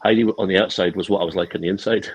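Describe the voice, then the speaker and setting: A man's voice: low-pitched, steady tone, racing, a crowd in the background, low-quality recording. A man telling a long rambling anecdote in casual chat over a video call, with many restarts. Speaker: co-host.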